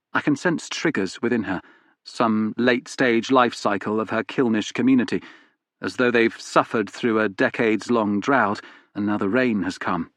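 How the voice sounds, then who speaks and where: A man reading a novel aloud in first person, in a measured, even storytelling manner. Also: mid-range voice, no room sound. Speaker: audiobook narrator. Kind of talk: first-person scripted narration.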